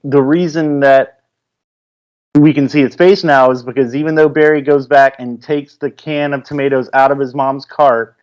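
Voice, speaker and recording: A man's voice: mid-range voice, fairly even intonation, normal speed, clean tone. Man explaining plot details, lo-fi. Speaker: podcast co-host. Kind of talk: casual film review chat.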